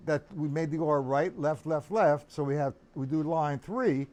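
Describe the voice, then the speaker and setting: A man's voice: on the high side, moderate pace, hardly any pauses, over loud music. An older man teaching a live-streamed drum lesson, chatty and instructive, calling on viewers by name, with drumming behind him.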